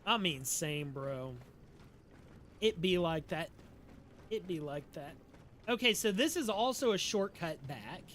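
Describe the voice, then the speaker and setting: High, bright Southern-drawling streamer guy. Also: expressive, slow pace, pauses often, a little hiss or hum. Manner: joking, rambling, talks back to chat; slurred drawl. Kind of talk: casual live-stream gaming chat.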